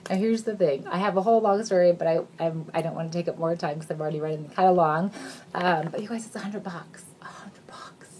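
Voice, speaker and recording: A woman in her thirties giving an emotional recruitment pitch, earnest and gushing, near tears at times, swinging between excited highs and hushed near-whispers. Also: quick pace, a little hiss or hum. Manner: earnest and gushing, says "you guys" a lot, voice rising and dropping to near whispers. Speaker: sales recruiter.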